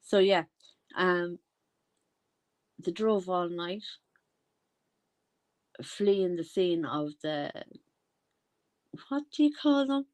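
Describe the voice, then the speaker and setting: A chatty Irish woman talking in a fairly low voice. She rambles through casual commentary, trailing off and circling back when she loses her thread. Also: very slow, long pauses, darkish tone. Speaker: commentary vlogger.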